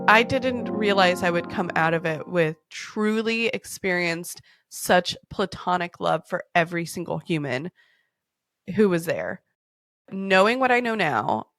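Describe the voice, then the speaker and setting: A woman in her thirties hosts a podcast and tells personal stories in a frank, profane, laughing way. Her pitch sits in an ordinary middle range. The recording is dry and close, with no room echo. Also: a bit bright. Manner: candid, profane, laughing storyteller. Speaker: podcast host. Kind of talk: casual storytelling chat.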